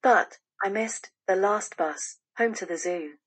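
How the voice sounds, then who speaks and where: A woman voicing a big, hungry, polite female bear in a storybook reading, with an apologetic, chatty manner and a husky voice. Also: medium pitch, measured pace.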